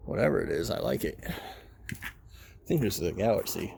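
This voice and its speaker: A man's voice: low voice, big pitch swings, normal speed, gravelly, a little mellow, a little hiss or hum. A man giving casual walk-around commentary at an outdoor junkyard, muttering running remarks to himself as he browses. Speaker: car hobbyist vlogger.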